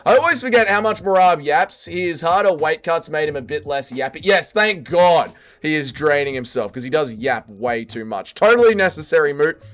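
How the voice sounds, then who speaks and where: Aussie guy streaming, reading chat out loud, voice jumps all over, kinda high. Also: moderate pace, few pauses. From Australia. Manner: lively, swings between loud quips and low mutters. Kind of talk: casual livestream chat.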